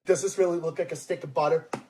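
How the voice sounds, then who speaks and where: A man with a Massachusetts accent ranting loudly and profanely in a mocking, angry online video. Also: fairly high pitch, fairly even intonation, rapid-fire, slight background noise. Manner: profane, loud, mocking outbursts.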